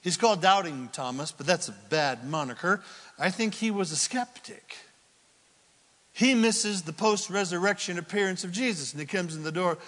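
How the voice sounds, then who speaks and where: A man preaching a sermon, telling stories in an animated way and acting out the people in them. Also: high-pitched, moderate pace, big-room sound. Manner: animated storytelling, acting out voices, laughing. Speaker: pastor.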